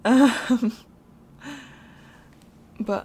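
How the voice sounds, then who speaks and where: Recording from home, a young game speed-build creator talks loosely over her build, chatting, apologizing and laughing often. She speaks unhurriedly in a lowish, slightly mellow voice with vocal fry.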